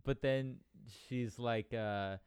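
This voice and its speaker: A man's voice: medium pitch, steady tone, slow, a little mellow, clean tone, dry recording. A man casually recapping a movie on a podcast, rambling with dry asides and acting out bits of dialogue. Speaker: podcast co-host.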